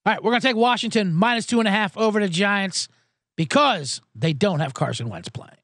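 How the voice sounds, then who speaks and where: Alone in a small booth, a man hosts a live sports betting podcast, rambling casually with profanity and self-mockery. His voice sits high and sounds expressive and a bit bright, moving fairly quickly. He's recorded on a studio microphone.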